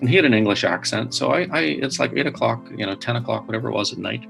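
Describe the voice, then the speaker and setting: A man, a podcast guest telling his story in an earnest, animated way with frequent restarts. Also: medium pitch, fast, gravelly, soft background music. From Northern Ireland. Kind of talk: storytelling interview.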